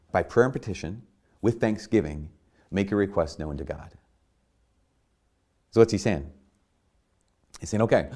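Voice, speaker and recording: A priest delivers a sermon in a low, somewhat dark voice. His delivery is conversational, packed with restarts and "like," and now and then it swells into emphatic bursts.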